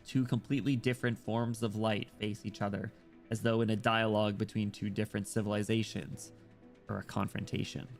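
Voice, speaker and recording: A man streaming a story game, reading its narration aloud and breaking in with excitable, jokey, swearing reactions. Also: fairly low pitch, a little fast, gravelly, faint music behind.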